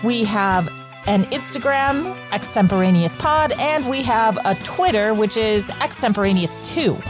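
A woman hosts a podcast in an earnest, chatty voice set a little higher than most. Faint music plays softly beneath her talk. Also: animated, a little slow. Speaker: podcast host. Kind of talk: casual chat.

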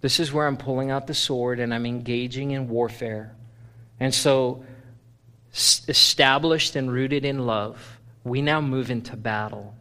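A male pastor preaching a sermon, animated, swinging from loud playful bursts to low, intense stretches. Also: a little slow, in a large hall. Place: church sanctuary.

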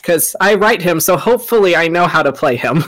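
A man acting as dungeon master, chatting casually with his players on a stream. His voice sits a little higher than most men's, and he delivers housekeeping news in a light, joking manner. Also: expressive, fairly quick, fairly bright tone. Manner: joking, easygoing announcements.

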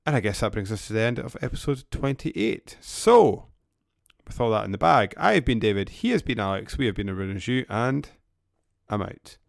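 A man co-hosting a casual podcast, croaky after a flu, jokey as he wraps up the show. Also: on the low side, animated, normal speed, no echo, clean studio sound. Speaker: podcast co-host. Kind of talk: casual chat.

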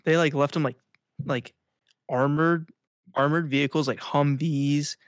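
A man's voice: fairly high pitch, fairly even intonation, measured pace, no echo, studio quality. A man co-hosting a podcast in casual chat, rambling and filling nearly every phrase with "like". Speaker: podcast co-host.

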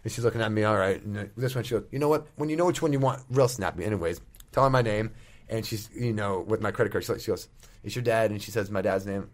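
A radio host from Boston talks at breakneck speed, his voice sitting a bit low for a man. He tells animated stories with a Boston accent and swears casually. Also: quick pace. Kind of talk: casual podcast chat.

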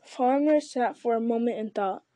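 A woman's voice: on the high side, normal speed, mellow, no echo. A woman reading a novel aloud in a plain way, with small stumbles. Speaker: reader.

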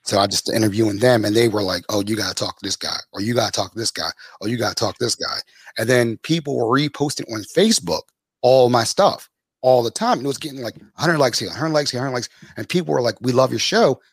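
A man, a podcast host telling stories as a guest, lively and acting out the people he quotes. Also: fast talker, slightly rough, no echo, clean studio sound. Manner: animated, acts out quoted people with big pitch jumps. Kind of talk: casual storytelling in an interview.

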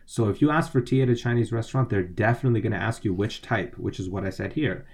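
A man with a lowish voice teaching a language lesson. He breaks each phrase into its words and tones, one step at a time. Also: fast, darkish tone. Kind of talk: explaining a dialogue lesson.

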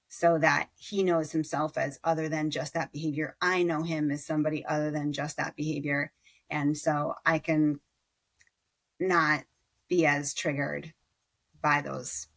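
A woman in her thirties with a low voice and a gravelly fry running through it. She talks candidly and thoughtfully about her own parenting, stopping to restart and fill pauses as she goes. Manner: candid and reflective, with frequent fillers and restarts. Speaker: podcast guest. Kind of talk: conversational interview.

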